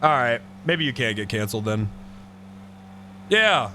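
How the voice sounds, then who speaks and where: A man streaming live, chatting casually with an excitable, profane manner and mock-outraged outbursts. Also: medium pitch, unhurried, a little hiss or hum.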